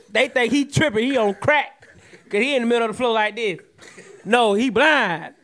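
A man with a Southern US accent and a very high, bright, forceful voice riffs on a comedy podcast. He tells stories loudly and animatedly, often breaking into shouts and laughter. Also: normal speed. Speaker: podcast co-host. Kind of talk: comedic riffing podcast banter.

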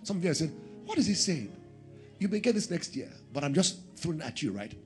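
A man preaching a sermon, swinging between loud emphatic bursts and a hushed tone as he leads prayer. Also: on the high side, big pitch swings, quick pace, faint music behind.

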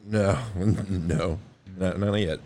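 A man's voice: sits low, fairly even intonation, very slow, mellow, slight background noise. A man co-hosting a podcast in casual chat, telling a story in a laid-back way with casual swearing and small chuckles. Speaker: podcast co-host.

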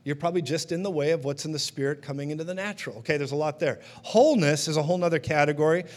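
A man's voice: a little high, rapid-fire. A man preaching a sermon in a conversational teaching manner, often checking in with his listeners.

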